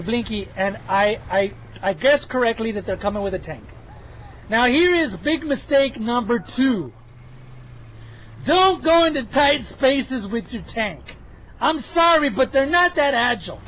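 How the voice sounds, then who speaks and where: A man's voice: very high-pitched, animated, normal speed, a bit bright, a little hiss or hum, poor audio. A man giving chatty, self-mocking commentary over his own gameplay footage, joking as he goes. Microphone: headphones with mic.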